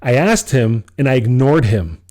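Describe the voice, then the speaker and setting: On a casual podcast he co-hosts, a man with a medium-pitched, somewhat dark voice recounts a personal story at a measured pace. His intonation is lively, and he performs his own quoted lines while laughing frequently.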